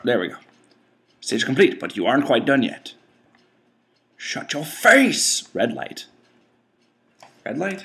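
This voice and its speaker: A young man giving casual let's-play commentary, excitable and easily frustrated, talking back at the game and to his viewers. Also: mid-range voice, vocal fry. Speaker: gaming channel host.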